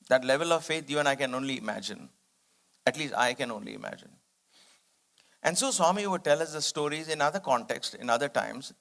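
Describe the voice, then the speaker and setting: A man's voice: fairly high pitch, fairly bright tone. A man speaking at a devotional study circle, telling a personal spiritual story in an earnest, reflective way. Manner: earnest, reflective, acts out quoted dialogue.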